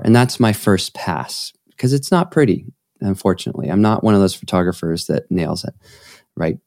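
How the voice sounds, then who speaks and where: A man with a fairly low voice talks on a podcast, rambling through his thoughts with bursts of enthusiasm. The sound is dry and close, with no room around it. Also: normal speed, gravelly, no room sound. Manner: enthusiastic, rambling, animated storytelling. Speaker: podcast guest, photographer. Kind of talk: conversational interview.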